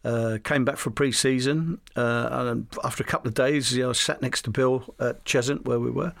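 An older man, a former footballer, telling relaxed stories as a guest in an interview, with many fillers. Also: medium pitch, normal speed, gravelly. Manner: rambling, full of "you know" fillers. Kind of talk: relaxed anecdotal storytelling.

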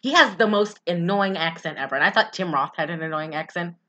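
A woman in casual chat, recapping a movie in a rambling, giggly way and putting on quick voices for the characters. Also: fairly low pitch, pushed and bright. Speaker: podcast co-host recapping a movie.

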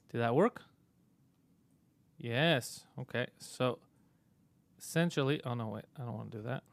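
A man hosting a casual live-stream podcast, swearing freely and telling stories with animated energy. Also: mid-range voice, unhurried, creaky, long pauses. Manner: profane, animated storytelling. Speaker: podcast host.

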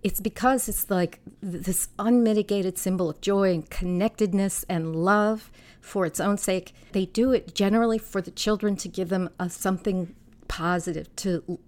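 A woman in her sixties, a filmmaker and activist talking as a guest in a casual interview, telling lively anecdotes. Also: mid-range voice. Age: 60s. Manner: lively storyteller, animated anecdotes.

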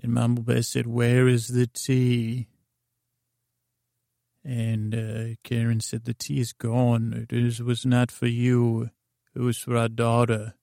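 A man spins a bedtime story off the cuff, wandering and pausing with fillers as he goes. His voice is slow, dark and gravelly, nearly flat in pitch, recorded dry and close. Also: no echo. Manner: rambling, halting, many fillers and restarts. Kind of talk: improvised bedtime story narration.

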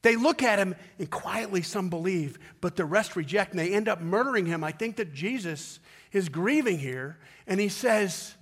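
Male pastor, high-pitched, delivering a sermon with dramatic pauses and rising emphasis. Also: expressive, fairly bright tone. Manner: retells a story with quick asides.

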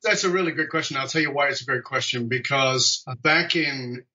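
A man telling stories as a podcast guest over a video call, animated and jokey. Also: medium pitch, normal speed, muffled recording. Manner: animated, jokey, acts out quoted dialogue. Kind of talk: conversational storytelling.

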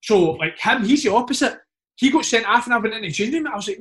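Lively Scottish man telling stories. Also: extremely high pitch, fast talker. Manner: animated anecdotes, frequent "mate" and "like". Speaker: former footballer guest. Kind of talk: casual storytelling chat.

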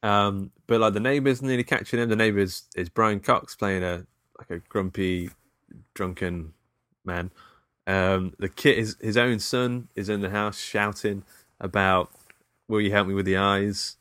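A man's voice: lowish voice, steady tone, measured pace, a bit bright, no room sound. A British man recapping a film in casual chat, rambling with laughs and fillers. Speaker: podcast co-host.

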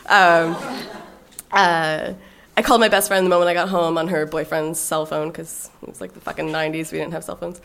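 A woman in her forties speaks as a podcast guest in a candid, conversational way. She is frank and swears freely, laughing as she tells her story. Her voice sits a little low for a woman. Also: flat delivery, brisk, gravelly, fairly bright tone, slight background noise.

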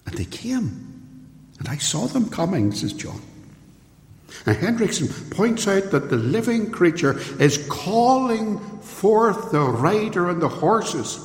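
A man's voice: very animated, measured pace. Man preaching in an echoey hall. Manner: earnest, emphatic, rising pitch on key points. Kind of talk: sermon. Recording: echoey hall with long reverb.

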